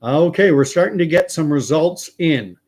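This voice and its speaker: A chatty Canadian man hosts a live stream with a fairly high, expressive voice at a moderate pace. He gives casual commentary, reads viewer comments aloud, and thinks out loud.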